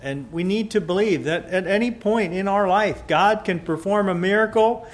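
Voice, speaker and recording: A man preaching a sermon, rising to loud emphatic peaks and dropping to quiet, soft passages. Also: high voice, normal speed.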